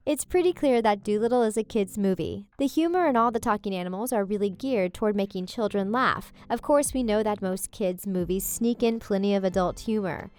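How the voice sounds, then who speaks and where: A woman's voice: mid-range voice, a little mellow. A woman reading a scripted voice-over narration in a wry, chatty manner, speaking straight to the viewers. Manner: wry, chatty commentary addressing viewers directly. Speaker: video narrator.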